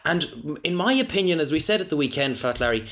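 A man with an Irish accent co-hosting a comic sports podcast, rambling in a mock-serious, deadpan way. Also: fairly high pitch, fairly quick. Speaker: podcast co-host.

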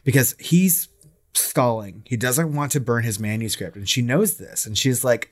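A man's voice: mid-range voice, normal speed. A man co-hosting a podcast in casual chat, swearing freely and laughing easily. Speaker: podcast co-host.

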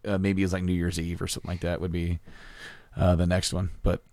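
A man's voice: sits low, completely flat delivery, brisk, warm tone, dry recording. A man co-hosting a podcast in casual chat, retelling stories in a rambling, enthusiastic way with many fillers. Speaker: podcast co-host.

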